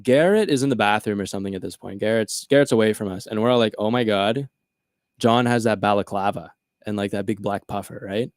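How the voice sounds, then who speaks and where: A man's voice: lowish voice, fairly quick, no echo, studio quality. A man co-hosting a casual chat, telling a long story and acting out his friends' lines. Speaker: podcast co-host.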